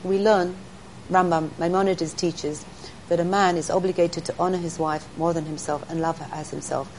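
Earnest woman telling stories, lowish voice. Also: fairly even intonation, moderate pace, a little hiss or hum, poor audio. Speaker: interview guest, speaker to women. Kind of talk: storytelling in an interview.

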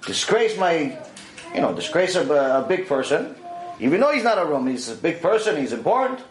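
A man gives a religious lesson as an animated story, his fairly high voice rising and falling a lot as he plays out the exchanges between characters. The sound carries a roomy echo from the space he's in. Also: a little fast, a little hiss or hum. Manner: animated, acts out dialogue in quoted voices. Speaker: Torah teacher. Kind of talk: storytelling lecture.

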